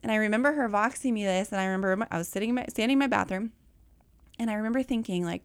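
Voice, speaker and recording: Woman, animated budget coach, middle pitch, dry close recording. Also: racing, smooth, no room sound. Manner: animated, chatty, addresses listeners as y'all. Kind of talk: casual talk.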